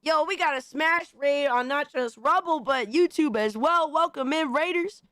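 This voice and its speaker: This young-sounding streamer has an extremely high-pitched voice gone hoarse while he recovers from being sick. He chats casually with viewers at a moderate pace, bursting with excitement, cursing freely and giving constant shout-outs, in a close, dry recording.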